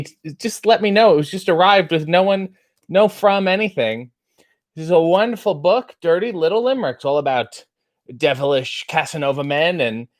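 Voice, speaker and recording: Playful, theatrical man hosting a late show. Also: fairly high pitch. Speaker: late-night show host. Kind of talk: casual livestream chat. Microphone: webcam setup.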